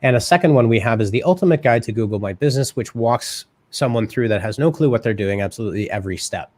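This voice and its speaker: Fast-talking man hosting a live show. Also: mid-range voice, animated, a little mellow. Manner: fast, casual, says "right?" a lot. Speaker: host. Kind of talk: live marketing show chat.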